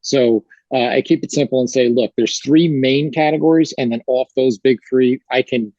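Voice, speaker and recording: Man with a dark, mellow voice. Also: medium pitch, moderate pace, no room sound, lo-fi sound. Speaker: fitness coach. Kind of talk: interview answers, explaining. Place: gym.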